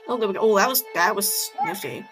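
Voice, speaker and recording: A woman giving casual reaction commentary, excitable and rambling, full of fillers and exclamations. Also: mid-range voice, fast, soft background music. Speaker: reaction video host.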